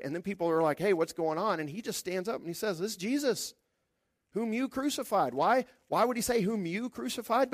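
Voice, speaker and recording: A man preaching a sermon in a conversational, lively way, acting out the quotes. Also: high-pitched, no echo, studio quality. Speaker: pastor.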